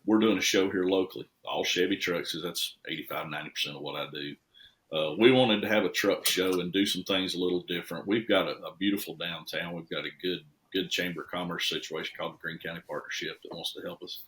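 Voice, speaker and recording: A man, a custom truck shop owner telling stories as a podcast guest in a folksy, animated way. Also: deep voice, fast. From Tennessee. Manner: folksy, animated storyteller with lively swings in loudness. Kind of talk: casual podcast storytelling.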